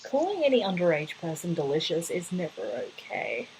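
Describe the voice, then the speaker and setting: A woman's voice: on the low side, very animated, normal speed, darkish tone, a little hiss or hum, rough recording. A woman in her twenties co-hosting a podcast, thinking things through aloud in casual chat. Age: 20s. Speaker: podcast co-host.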